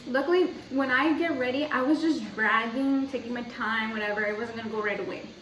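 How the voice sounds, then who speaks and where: A woman's voice: on the high side, brisk, fairly bright tone, a little hiss or hum. Chatty young woman in an echoey room. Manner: chatty, rambling, heavy use of "like". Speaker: vlogger. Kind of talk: casual storytelling. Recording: echoey room, mic at a distance.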